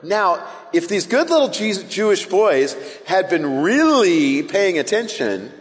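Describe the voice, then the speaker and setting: A young man preaching a sermon as pastor, animated and casual, acting out the disciples' voices as he tells the story. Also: on the high side, long reverb tail.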